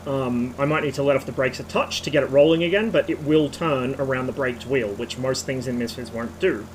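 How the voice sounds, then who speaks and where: A slightly hoarse man streaming, giving a rambling technical rant with casual swearing. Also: mid-range voice, brisk, slight background noise, low-quality recording.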